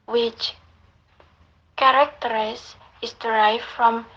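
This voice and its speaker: A young woman with an Indonesian accent who speaks Indonesian as her first language, reading an academic lesson aloud in a careful, slightly halting way, with small grammar slips. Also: fairly high pitch, little pitch movement, a bit bright, dull audio. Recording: faint background noise.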